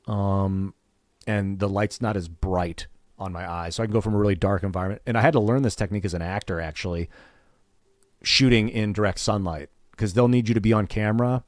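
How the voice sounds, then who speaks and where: A man's voice: fairly low pitch, brisk, no room sound, studio quality. A man hosting a gaming stream, chatting casually and candidly, swearing freely and acting out what other people said. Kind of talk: casual rambling chat.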